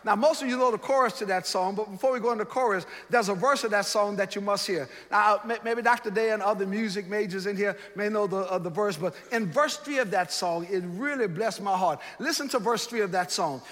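A man preaching a sermon in a seminary chapel, building with rhythmic repetition, swelling to shouts and dropping low. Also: a little fast, few pauses. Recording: long hall reverb.

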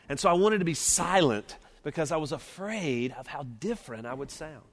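Man, middle-aged, Southern Alabama accent, earnest sermon, measured delivery, quiet on key points, raised pitch, long chapel reverb. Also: expressive. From Mobile, Alabama, US Deep South. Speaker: preacher at a seminary chapel. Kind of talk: sermon with opening prayer.

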